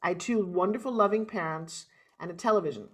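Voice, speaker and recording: Animated storytelling woman with New York accent. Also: on the low side, quick pace. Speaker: guest. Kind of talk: storytelling interview.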